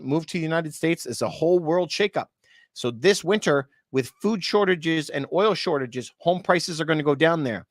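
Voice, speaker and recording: A man's voice: on the high side, no room sound, clean studio sound. A man in a casual monologue, explaining the economy to his viewers with rhetorical questions and now and then a short laugh at the absurd parts. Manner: chatty, rhetorical questions, addresses viewers as you guys; laughs at points he finds absurd. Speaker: real estate and market commentator.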